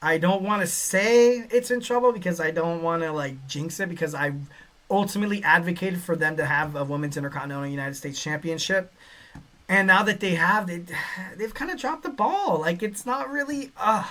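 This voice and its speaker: Bright-voiced, rambling male podcast host. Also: high-pitched, normal speed. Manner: rambling, filler-heavy, excitable. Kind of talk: casual solo wrestling podcast.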